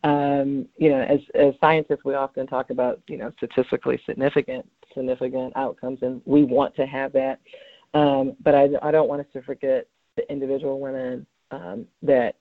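A man's voice: medium pitch, flat delivery, moderate pace, creaky, dry recording. A man who is a cancer researcher, answering interview questions in an earnest, heartfelt way with many fillers and restarts. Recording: tinny phone-line sound, dry.

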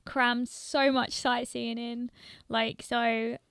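A woman's voice: fairly high pitch, level tone, extremely slow, gravelly, fairly bright tone, clean tone, no room sound, studio quality. A young woman with a London accent, chatting casually as a guest, laughing often and filling her talk with "like" and "um". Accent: London English. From London, England. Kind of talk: casual chat.

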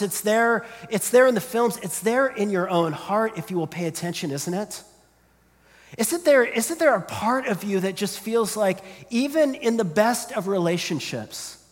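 A man preaching a sermon, earnest and searching, often repeating his opening words as he builds a point. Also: high voice. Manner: earnest, repeats words when starting sentences. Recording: long hall reverb.

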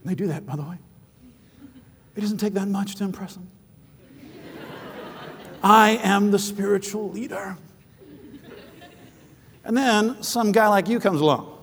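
A man preaching a sermon, animated and storytelling, acting out the voices of others and rising to shouts at high points. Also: unhurried, pauses often, long reverb tail, slight background noise. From foreign-born, living in southern China. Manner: animated, acts out quoted voices, shouts at peaks; rambling, with frequent restarts in anecdotes.

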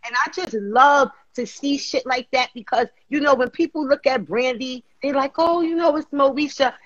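A woman with a fairly high voice chatting bluntly and excitedly, cursing casually. Her mic sounds a little muffled and completely dry, with no room sound. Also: moderate pace, no room sound. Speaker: podcast co-host. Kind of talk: casual chat.

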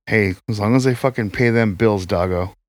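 A man's voice: lowish voice, normal speed, no room sound. A man co-hosting a podcast in casual chat, bluntly contrarian and profane. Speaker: podcast co-host.

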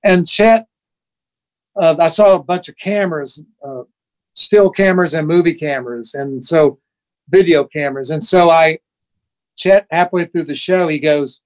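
A man in his sixties, a guest musician, telling sentimental stories in a relaxed chat and briefly acting out the voices of people he quotes. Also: a little high, normal speed. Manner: animated anecdotes, acts out quoted voices; emotional, sentimental. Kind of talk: casual storytelling chat.

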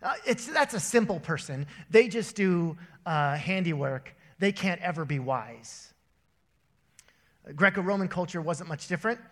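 A young adult man preaching a sermon to his church, telling stories with animated voices. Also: sits high, measured pace. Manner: storytelling with animated voices and laughter. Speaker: pastor. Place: church auditorium. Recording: long church hall reverb.

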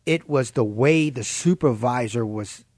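A man's voice: mid-range voice, unhurried, a little mellow, no echo. Earnest man telling a story up close. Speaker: co-host. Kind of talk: casual faith-based podcast chat.

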